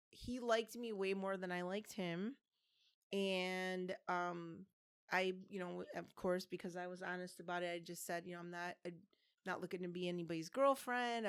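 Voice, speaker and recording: A fifties-aged woman co-hosts a podcast, chatting casually as she rambles through a personal tale with many restarts and fillers. Her voice is lowish and clean, moving at a moderate pace with fairly even intonation.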